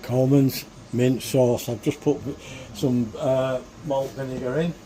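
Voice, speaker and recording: A home cook vlogger chats to his viewers and mutters to himself while working in his kitchen, giving casual cooking commentary. His voice is medium-pitched and mellow, with a steady tone and measured pace. Background ambience is noisy.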